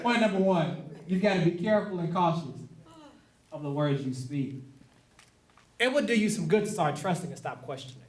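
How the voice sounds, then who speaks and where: Pastor guy with a high voice, chatty sermon, lots of laughs, echoey church sound from a bit away. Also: lively intonation, normal speed, pauses often. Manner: conversational preaching with laughs and acted-out quotes. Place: church sanctuary. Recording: echoey room, mic at a distance.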